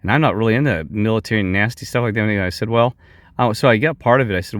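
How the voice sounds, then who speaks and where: Middle-aged male vlogger, low voice, heated and digressive, dry close sound. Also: fast talker, no room sound. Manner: heated, digressive, many restarts. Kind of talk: rambling off-the-cuff monologue.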